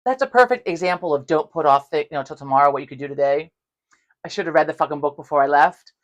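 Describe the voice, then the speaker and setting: A woman's voice: low voice, fast talker, muffled recording. A woman co-hosting a casual podcast, telling a story with lots of swearing and acting out both sides of conversations. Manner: profane, animated, acts out dialogue. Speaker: podcast co-host.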